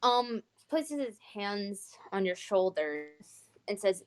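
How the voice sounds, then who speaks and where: A woman's voice: mid-range voice, big pitch swings, slow pace. Hesitant woman game master. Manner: hesitant, many fillers. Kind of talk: running a tabletop role-playing game.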